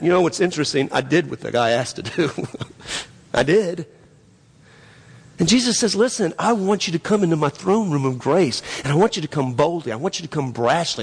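A man's voice: a little high, breathy edge. A man preaching a sermon as pastor, emphatic and repetitive, with frequent restarts. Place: church sanctuary. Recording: long reverb of a church hall.

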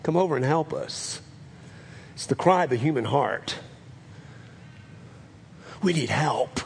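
High husky-voiced pastor preaching. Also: male voice. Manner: earnest, repeats phrases for emphasis. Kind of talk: sermon.

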